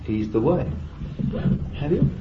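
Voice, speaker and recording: A man's voice: medium pitch, animated, slow. A man preaching a sermon with fervent exclamations of praise and bursts of laughter. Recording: echoey, dull, lo-fi recording with faint noise.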